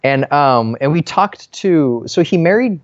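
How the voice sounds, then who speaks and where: This man co-hosts a podcast from an apartment in New York and tells a family story in a casual chat, impersonating quoted people with a raised pitch. He sounds expressive and speaks a little slowly. The recording is dry and lo-fi.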